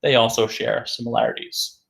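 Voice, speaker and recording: A man teaching an English vocabulary lesson, saying each word slowly and repeating it several times for learners. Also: medium pitch, wildly swooping pitch, gravelly, a bit bright.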